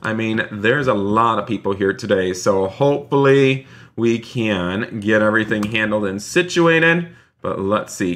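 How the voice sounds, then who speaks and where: A man live-streaming a role-play game, excitable, talking straight to his chat. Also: lowish voice, a little slow, slight background noise. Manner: excitable, keeps addressing the chat as "you guys".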